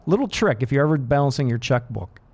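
A male radio DJ talking casually between songs in a studio. His voice sits at an ordinary mid pitch, and he rambles in a friendly way with self-deprecating asides. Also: animated, fast talker, a little mellow. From Boston area. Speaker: radio DJ host. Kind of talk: casual on-air chat.

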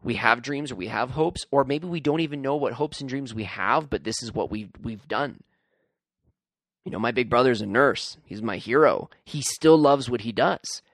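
A man's voice: medium pitch, moderate pace, fairly bright tone, no echo, studio quality. A man hosting his own solo podcast, talking in an earnest, rambling, heartfelt way, with a tired, groggy voice. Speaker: podcast host.

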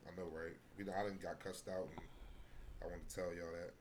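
A man's voice: sits low, flat delivery, a little fast, darkish tone. A man co-hosting a podcast, talking back casually and laid-back with swearing. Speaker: podcast co-host. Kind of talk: casual profane podcast banter.

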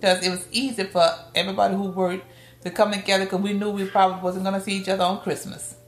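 Guesting on a podcast, this middle-aged New Orleans woman tells family tales at a quick clip, her pitch jumping sharply whenever she voices her relatives. It's a casual storytelling interview, recorded in a spacious room with music faintly underneath.

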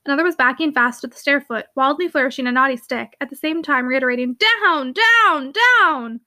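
Fast, high-voiced woman narrating a classic novel. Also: fairly even intonation, bright, forceful tone. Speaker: audiobook narrator.

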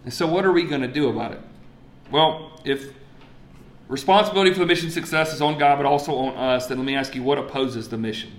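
A man preaching a sermon, telling stories with lively energy and dropping to quiet emphasis. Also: mid-range voice, fast talker, roomy sound. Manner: animated storytelling, swings from loud excitement to quiet emphasis. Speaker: pastor. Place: church sanctuary.

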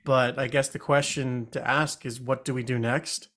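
A man playing a tabletop game online, thinking aloud through a riddle with puzzled, animated talk. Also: medium pitch, normal speed. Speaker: player.

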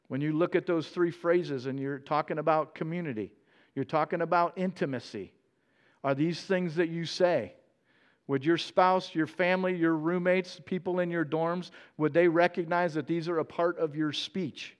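Earnest, animated male preacher. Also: on the high side, moderate pace, clean tone. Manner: earnest, animated storytelling with frequent restarts. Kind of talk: conversational sermon.

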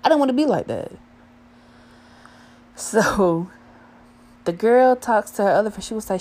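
A woman's voice: medium pitch, lively intonation, a little slow, pauses often, darkish tone. A woman in her twenties telling a casual, profane story with lots of slang.

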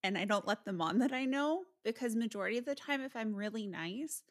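A woman co-hosting a casual podcast, sharing lively anecdotes from her legal work. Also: a little high, brisk. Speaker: podcast co-host, lawyer.

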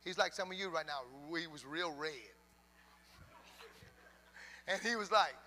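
A man's voice: fairly high pitch, unhurried, long pauses, pushed and bright. A man pastor preaching a sermon in a church, telling a folksy story and urging the congregation on. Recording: long reverb in a church hall.

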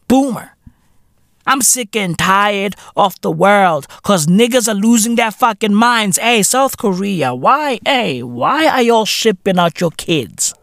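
A podcast host in their thirties, ranting comedically and profanely, breaking into loud outbursts. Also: mid-range voice, dry recording, studio quality. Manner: profane, animated, bursts into shouts. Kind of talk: comedic solo podcast rant.

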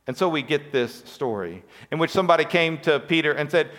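A man's voice: fairly high pitch, brisk, hardly any pauses, fairly bright tone, in a large hall. A man preaching a sermon, telling a story with acted-out quotes and rhetorical questions. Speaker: pastor.

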